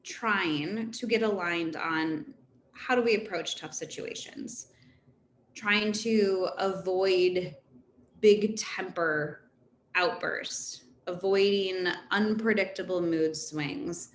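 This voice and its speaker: A therapist in her thirties gives an informal, conversational talk to a parent council, animated and laughing between points. Her voice is on the low side and she takes her time. The room is echoey, with faint background noise.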